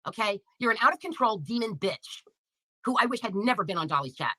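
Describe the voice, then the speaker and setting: A woman's voice: mid-range voice, expressive, fairly quick, sharp tone, no room sound. A woman on a livestream, angrily ranting and taunting viewers by name with heavy profanity. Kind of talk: angry livestream rant.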